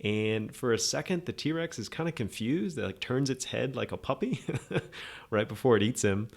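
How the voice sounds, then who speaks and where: A man's voice: mid-range voice, normal speed, gravelly. A man hosting a podcast, giving a rambling, sarcastic, opinionated movie review in a casual monologue. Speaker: podcast host.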